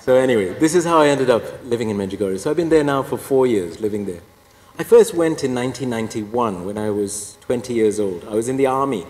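This Singaporean priest in his fifties jokes his way through a personal testimony, self-deprecating and laughing at his own lines. His medium-pitched voice is fairly bright, with lively intonation, a moderate pace, and frequent pauses. The hall echoes, with faint background noise.

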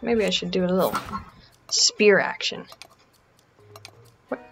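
A woman's voice: fairly low pitch, lively intonation, slow, creaky, a bit bright, highs cut off, faint music behind. A Canadian woman giving casual, self-mocking commentary over a video game, often dropping to a whisper while sneaking. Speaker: let's play gamer.

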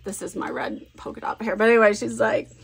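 A woman chatting casually while she works on a scrapbook layout at home. She is animated, thinks aloud and laughs often. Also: a little high, fast talker, gravelly, slightly rough. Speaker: scrapbooking vlogger. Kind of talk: casual chat while crafting.

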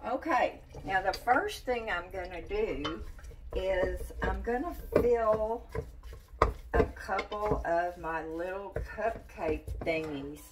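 A woman's voice: medium pitch, animated, slow pace, far from the mic, noisy background. A woman giving a casual cooking demonstration in a home kitchen, chatty and folksy, talking straight to her viewers. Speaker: cooking vlogger.

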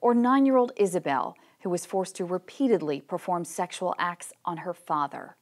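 A woman's voice: fairly low pitch, expressive, moderate pace, over music. A woman narrating an awareness message, delivering grave statistics and cases in an earnest manner. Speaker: advocate.

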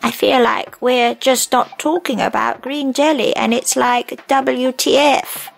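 A man voicing an old woman in a future rest home who speaks internet slang in a creaky, quavering voice. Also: very high voice, fairly even intonation, slow, fairly bright tone, faint music behind, voice pushed up, heavily acted. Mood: fussy.

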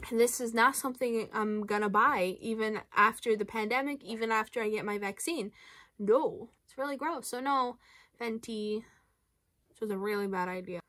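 A young woman from Canada giving casual, playful commentary on makeup releases as a beauty vlogger, with animated, exaggerated reactions. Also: fairly high pitch, moderate pace, no echo.

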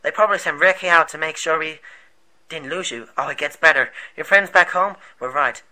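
An eager rebel leader, played by a man, explains at length in a bright, slightly high voice. The delivery is earnest and rambling, like amateur movie acting. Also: a little fast, poor audio.

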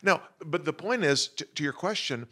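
A man's voice: fairly high pitch, expressive, moderate pace, bright, forceful tone. A middle-aged man on a faculty panel, making points through joking personal stories. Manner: jokey, conversational, illustrates with personal stories. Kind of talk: panel talk with everyday anecdotes. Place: lecture room at an institute.

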